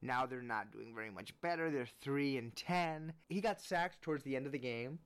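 A man giving earnest, animated opinion commentary on sports, rising in pitch when he presses his point. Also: normal speed, smooth.

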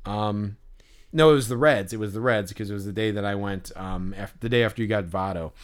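A man's voice: lowish voice, brisk. A man co-hosting a podcast, chatting casually and telling stories in a rambling way, full of fillers and restarts. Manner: animated when telling stories. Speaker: podcast co-host. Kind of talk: casual chat and storytelling.

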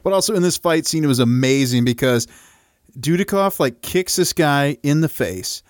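A man co-hosting a podcast who talks through a film in casual chat, amused and animated. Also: fairly high pitch, moderate pace, no room sound, studio quality. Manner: amused, animated, laughs through his lines. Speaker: podcast co-host.

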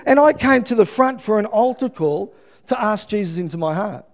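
Middle-aged Australian preacher, lively testimony-style sermon, acts out quotes, fairly high voice. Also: male voice, fairly quick. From Melbourne, Australia. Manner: lively storytelling with acted-out quotes and asides.

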